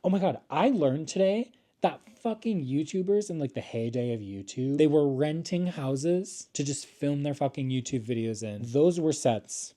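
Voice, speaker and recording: A young American man talking to his camera at home in a casual vlog, campy and self-mocking, swearing freely with dramatic comic pauses. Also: a little high, expressive, dark tone. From United States. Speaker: YouTuber introducing his channel. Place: home, seated at couch or table. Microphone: camera mic.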